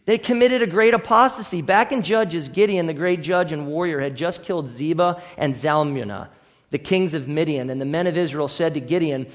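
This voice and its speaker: A man's voice: on the high side, animated, moderate pace, big-room sound. A man preaching a sermon as pastor, earnest and building to emphatic declarations. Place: church sanctuary.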